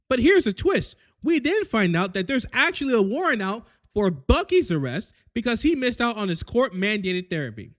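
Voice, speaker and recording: A man telling a crude, comedic recap of a show, full of slang and quick character asides. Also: high voice, sing-song. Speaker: recap host.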